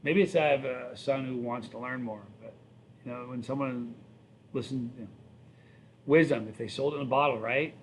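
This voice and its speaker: A man's voice: medium pitch, fairly even intonation, moderate pace, a little hiss or hum. A man in his fifties hosting a live stream, chatting casually, reading viewer questions and rambling through stories. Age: 50s. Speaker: livestream host.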